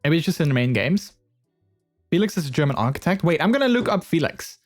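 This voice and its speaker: A man's voice: a little high, very animated, fast, soft background music. A man streaming live and chatting casually with his viewers, giggly and talkative, speaking into a headset mic. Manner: chatty and giggly, many fillers and restarts.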